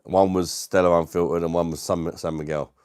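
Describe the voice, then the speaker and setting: A British man with a low, deep voice chats easily with his live-stream viewers from home. He is relaxed and quick to laugh. The sound is dry and close, with no room echo. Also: smooth. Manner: laid-back, laughs often, says mate a lot. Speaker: livestream host. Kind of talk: casual live-stream chat reading viewer comments.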